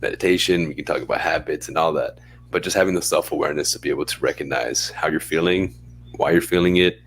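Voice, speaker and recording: A young man co-hosting a podcast in casual chat, relaxed and rambling, often laughing as he talks. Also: very deep voice, fast talker, a little hiss or hum. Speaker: podcast co-host.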